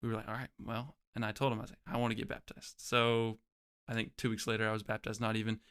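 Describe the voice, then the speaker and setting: A man's voice: fairly low pitch, monotone, fast talker, fairly bright tone, clear, resonant tone. A young man, a guest in an interview, telling his own story in a reflective way and often restarting his phrases. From Oklahoma, USA. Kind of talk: casual personal storytelling.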